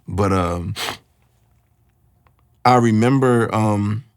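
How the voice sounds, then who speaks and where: Man telling his faith story, low-pitched, candid, searching for words. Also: clear, resonant tone. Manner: earnest and confessional, pauses often to find words. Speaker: speaker sharing a personal testimony.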